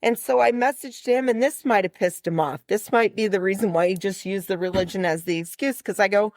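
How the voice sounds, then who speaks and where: A woman's voice: medium pitch, fairly quick, hardly any pauses, no echo, studio quality. A woman co-hosting a podcast, telling a story in a casual chat and acting out both sides of the conversation. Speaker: podcast co-host.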